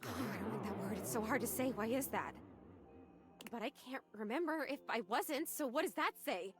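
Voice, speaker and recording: A woman's voice: on the high side, animated, normal speed, music in the background, lightly acted. A woman voicing a bubbly, trusting young woman ghost in a video game, gushing and full of wonder. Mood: anxious, uneasy. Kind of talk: voiced video game dialogue.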